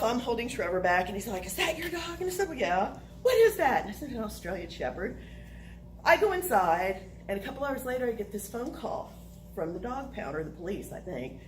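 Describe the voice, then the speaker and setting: A woman telling a personal story to listeners, animated and laughing through the funny parts. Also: medium pitch, rough recording.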